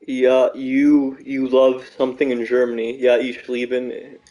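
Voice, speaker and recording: A man chatting casually while streaming a game, rambling, self-mocking, full of halting restarts. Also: mid-range voice, completely flat delivery, warm tone, poor audio. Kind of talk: casual gaming chat.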